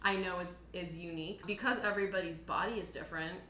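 Enthusiastic young woman, bright voice. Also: lowish voice, steady tone, fast, a little hiss or hum. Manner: enthusiastic, rambling, many fillers. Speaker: photographer, guest. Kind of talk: casual chat. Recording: echoey room, faint ambience.

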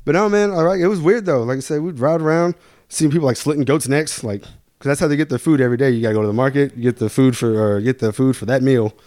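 Fast-talking young man telling stories. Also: mid-range voice, darkish tone, no room sound, clean studio sound. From Louisville, Kentucky. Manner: profane, rambling anecdotes. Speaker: guest. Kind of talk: casual storytelling.

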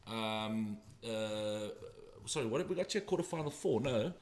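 A man's voice: lowish voice, expressive, moderate pace, darkish tone. A man giving rugby predictions in a casual panel chat, rambling and emphatic, often stopping and restarting. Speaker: rugby pundit. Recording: roomy echo.

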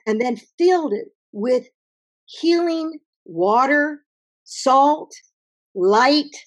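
A woman author talking as an interview guest, telling her story in an emphatic, animated way. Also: high-pitched, extremely slow. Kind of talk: conversational interview.

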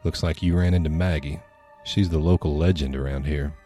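A man's voice: rumbling low, fairly even intonation, fairly quick, mellow, soft background music. A man voicing an easygoing small-town police officer with a thick Southern drawl. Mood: knowing.

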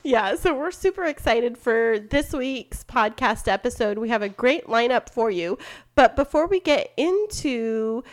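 A woman co-hosting a casual podcast, upbeat and quick to laugh. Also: on the high side, expressive. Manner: upbeat, giggly. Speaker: podcast co-host. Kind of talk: casual chat.

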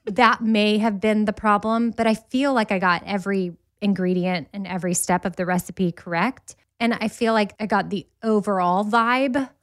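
A woman's voice: mid-range voice, normal speed, few pauses, dry recording. Middle-aged woman host, casual chatty storyteller, dry close sound. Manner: chatty, animated storyteller, laughs easily. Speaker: podcast host. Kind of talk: casual chat.

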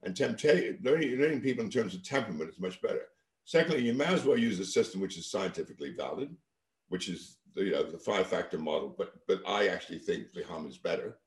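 An older man telling energetic stories in an interview, with frequent restarts and checks of "right?". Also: deep voice, fast. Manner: energetic anecdotes with many restarts and tag questions. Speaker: interview guest, venture capitalist. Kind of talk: storytelling in conversation. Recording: echoey room.

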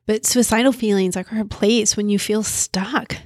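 A woman's voice: mid-range voice, steady tone, normal speed, a little mellow, no room sound, clean studio sound. A woman therapist explaining a coping skill in a casual, conversational way, thinking aloud as she goes. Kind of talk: casual teaching talk.

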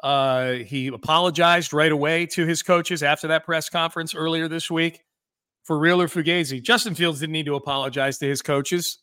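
A man hosting a casual sports podcast, talking quickly with jokes and many restarts. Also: on the high side, steady tone, sharp tone, smooth, dry recording, studio quality. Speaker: sports radio host.

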